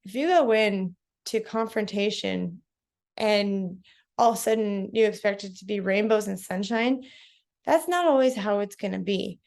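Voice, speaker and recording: A woman's voice: mid-range voice, normal speed, gravelly, a little mellow. A woman talking to camera in a casual, direct way, giving advice from her own experience. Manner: direct, conversational, self-reflective. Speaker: vlogger.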